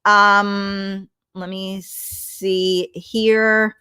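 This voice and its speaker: On a casual home livestream through her laptop mic, a woman reads comments and chats bluntly with viewers, swearing freely. Her mid-range voice has little pitch movement, drawn-out words and a bright, forceful, clean tone.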